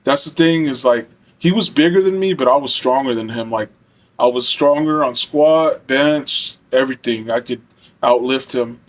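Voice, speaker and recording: A man's voice: medium pitch, moderate pace. A young man telling a personal story in a casual, rambling way, full of fillers and swearing. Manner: rambling, heavy fillers, profane.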